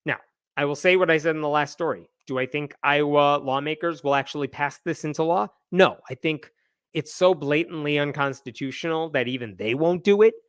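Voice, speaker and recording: A man's voice: a little high, brisk, smooth, dry recording, studio quality. A man hosting a live news roundup, giving wry, exasperated commentary and reading passages aloud.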